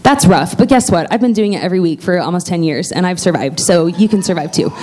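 A woman's voice: on the low side, expressive, fast, a little mellow. Chatty woman pastor giving announcements. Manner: chatty and heartfelt, with lots of fillers and restarts. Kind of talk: church announcements from the pulpit.

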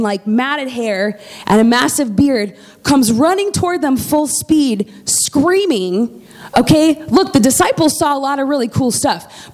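A woman preaching in a casual, lively storytelling way, often checking in with her listeners. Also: fairly high pitch. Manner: lively, conversational, checks in with "okay?".

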